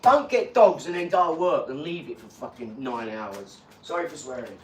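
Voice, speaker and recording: A man talking in a casual live chat, rambling and boastful, breaking into animated rants. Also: a little high, normal speed. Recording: echoey room, far from mic, faint hum.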